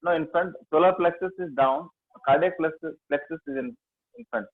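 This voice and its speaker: A man with an Indian accent teaching a yoga class, giving halting instructions with many fillers. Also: fairly high pitch, big pitch swings, vocal fry, no room sound. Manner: slow, halting instructions with many fillers, chanting and singing tones. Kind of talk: guiding a mudra and mantra class. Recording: dry, phone-like lo-fi sound.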